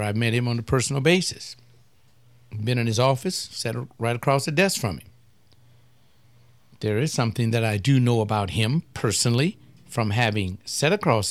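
A man's voice: mid-range voice, dry recording. An older man, a pastor, hosting a webcast in a blunt, provocative, rambling talk-radio monologue.

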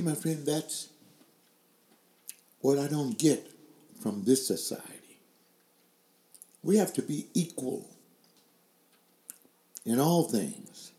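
Older male webcast host, warm and mellow, asks question after question, echoey room. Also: a little high. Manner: strings together rhetorical questions. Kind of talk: opinion commentary to a webcast audience. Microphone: desk microphone, later adjusted to sit further back.

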